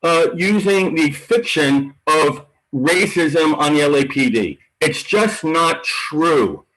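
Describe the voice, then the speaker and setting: A man with a fairly high voice calls in to a public meeting. He argues his point in a combative, blunt way. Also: lively intonation, takes it slowly, fairly bright tone, low-quality recording. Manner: combative, argumentative. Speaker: public commenter. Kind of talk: public comment.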